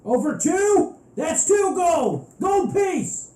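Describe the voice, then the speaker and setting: A man voicing a tiny, loud tavern barkeep who shouts orders across the room. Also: very high voice, big pitch swings, pitched above the performer's own voice. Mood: brisk. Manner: shouting, brisk. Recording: echoey room.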